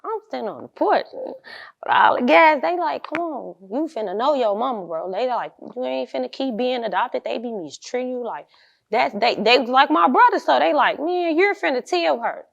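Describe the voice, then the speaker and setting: A woman's voice: fairly high pitch, expressive, moderate pace, creaky, dull audio. A young woman, an interview guest, telling her life story bluntly in street slang and acting out the people she quotes.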